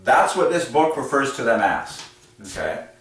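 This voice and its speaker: Animated man in an echoey room. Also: mid-range voice, moderate pace. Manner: animated, chuckles often, playful asides. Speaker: channel host presenting number patterns. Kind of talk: casual explanatory monologue. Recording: echoey room, mic set at a distance.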